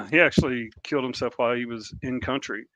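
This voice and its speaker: A middle-aged man, a veteran co-hosting a podcast, speaking earnestly and haltingly, with frequent restarts. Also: medium pitch, vocal fry, pushed and bright, no echo. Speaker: podcast co-host, army veteran. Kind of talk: candid podcast talk. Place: remote podcast call.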